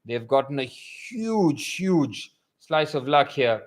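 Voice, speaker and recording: Young male fan commentator, a touch high-pitched, excitable play-by-play for a watchalong stream. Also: takes it slowly. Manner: excitable, swings from calm to loud bursts. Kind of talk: live match commentary.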